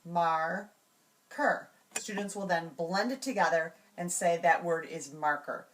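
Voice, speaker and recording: A woman calmly explaining classroom routines step by step, slowing down to sound out example words. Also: on the low side, distant mic, a little hiss or hum. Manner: clear, measured, slows to sound out example words. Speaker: teacher trainer. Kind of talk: instructional walkthrough.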